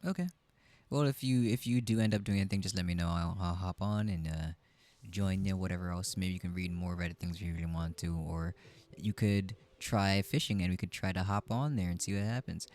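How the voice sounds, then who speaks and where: A man's voice: low voice, fairly quick, darkish tone. A man hosting a casual chat stream, talking in a laid-back, rambling way that trails off and restarts.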